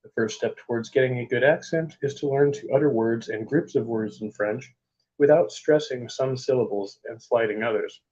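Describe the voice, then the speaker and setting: A man casually reading book passages aloud in a vlog, with offhand asides and halting attempts at French. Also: mid-range voice, a little mellow, highs cut off. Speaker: vlogger.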